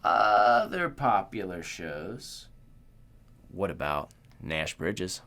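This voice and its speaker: Laid-back low-voiced joking man. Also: sing-song, extremely slow, pushed and bright. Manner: loose, profane, joking, puts on voices in retellings. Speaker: podcast co-host. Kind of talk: casual chat.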